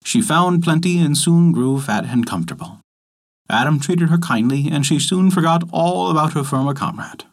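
A man narrating a folk tale in a measured, expressive storytelling manner, as host of a story podcast. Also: fairly high pitch. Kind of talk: scripted narration.

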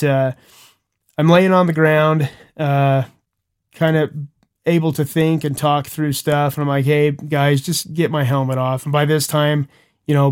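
Smooth-voiced young man telling a story. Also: medium pitch. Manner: earnest, animated storyteller with chuckles and restarts. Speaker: podcast co-host. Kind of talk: casual storytelling chat.

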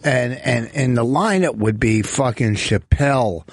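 A man in a casual chat, telling stories in a profane, animated way. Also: mid-range voice, unhurried, no echo, clean studio sound.

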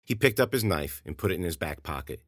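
A man narrating his own horror story in a measured, steady way as a podcast host. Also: low voice, no echo, clean studio sound.

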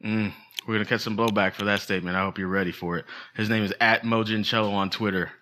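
A man's voice: lowish voice, fairly even intonation, fast, sharp tone, slight background noise. A man co-hosting a podcast, chatting casually in a playful, jokey way. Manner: playful, jokey, trails off into asides. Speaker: podcast co-host. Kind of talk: joking casual chat.

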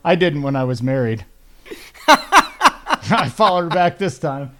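A man co-hosting a casual sports podcast, his voice sitting a little high. He tells stories in an animated, joking way and keeps the banter loose. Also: slow pace. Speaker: podcast co-host.

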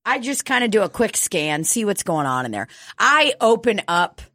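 A woman's voice: medium pitch, normal speed, no room sound, clean studio sound. Foul-mouthed woman telling a funny story. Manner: profane, laughs often, animated quoting. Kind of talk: casual comedic storytelling.

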